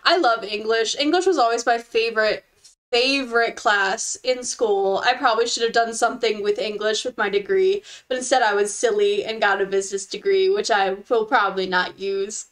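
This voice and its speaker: A woman's voice: mid-range voice, fairly even intonation, moderate pace, fairly bright tone. A young woman streaming a game, chatting with her viewers in an effusive, gushing and giggly way. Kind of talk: casual live-stream chat with viewers.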